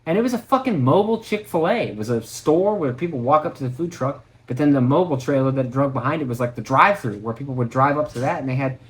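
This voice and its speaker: A man's voice: medium pitch, fast, hardly any pauses, fairly bright tone. A man hosting a podcast, talking in a rambling, profane, casual monologue that wanders and interrupts itself. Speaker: podcast host.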